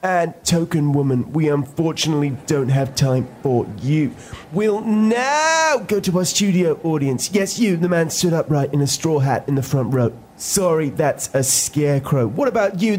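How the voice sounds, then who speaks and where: A man impersonating a sardonic television debate presenter in a comedy sketch, speaking briskly and emphatically. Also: on the high side, expressive, darkish tone, a little hiss or hum, pitched above the performer's own voice, natural voice. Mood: mocking. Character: pompous male debate-show presenter. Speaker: impression of a TV presenter.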